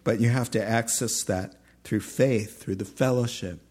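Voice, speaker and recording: A man preaching a sermon in a conversational, animated way, acting out short voices as he tells stories. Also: lowish voice, unhurried, husky. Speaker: pastor.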